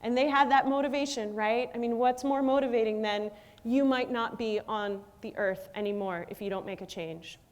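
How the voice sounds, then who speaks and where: A woman's voice: fairly high pitch, normal speed. A middle-aged woman giving a motivational keynote talk, full of energy and drawing the audience in with questions. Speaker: keynote speaker and wellness coach. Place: large conference hall with an audience. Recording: long hall reverb.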